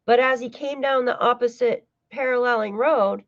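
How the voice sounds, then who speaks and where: A woman from the United States chats through a casual livestream with a slightly high voice, swearing and laughing as she goes. The sound is dull and lo-fi, with a dry close feel and no room echo. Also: moderate pace. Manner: chatty, swears, laughs often, talks to chat. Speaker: true-crime livestream host.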